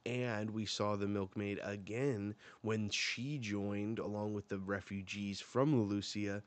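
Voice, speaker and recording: A man with a fairly low voice reads and reacts live in an easygoing, rambling way. He fills his talk with "like" and "you know" and throws in the occasional swear word. The talk is loose and unscripted, close to chatting with a friend. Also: fairly even intonation, a little slow. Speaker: manga reaction host. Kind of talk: casual live reading and reaction.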